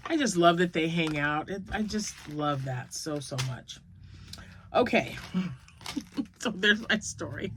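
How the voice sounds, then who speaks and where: A woman's voice: on the low side, fairly bright tone, slight background noise. A woman in her fifties, a grandmother, chatting casually to her viewers in a rambling, storytelling way. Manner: rambling, storytelling, laughs often. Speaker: crochet vlogger.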